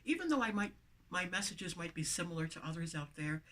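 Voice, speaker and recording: A woman's voice: lowish voice, sing-song, brisk, fairly bright tone. A woman with a lisp, speaking to camera as a motivational vlogger, with emphatic, repeated phrases, recorded inside a van on the camera mic.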